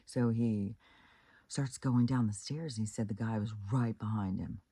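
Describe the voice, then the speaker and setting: A man's voice: lowish voice, fairly even intonation, normal speed, dark tone, husky, no room sound. A man from Kansas casually telling a creepy anecdote, rambling with many fillers and restarts. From Kansas, United States. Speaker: channel host. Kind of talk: casual storytelling.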